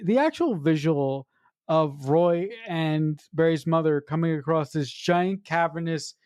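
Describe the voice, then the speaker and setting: A woman's voice: sits low, unhurried, a little mellow, no room sound, clean studio sound. A woman co-hosting a podcast, giving blunt, casual opinions about a film and swearing freely. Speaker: podcast co-host. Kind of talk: casual film review chat.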